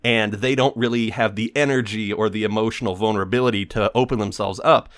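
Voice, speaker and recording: A man's voice: fairly low pitch, steady tone, fairly quick, fairly bright tone. Rambling sarcastic man in a casual monologue. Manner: rambling, sarcastic, many fillers. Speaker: podcast host.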